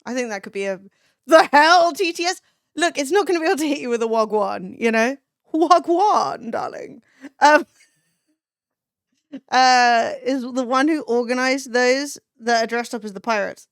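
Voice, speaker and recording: A woman's voice: high-pitched, moderate pace, no echo, clean studio sound. A young woman live-streaming, chatting casually with her chat, swearing freely and laughing often.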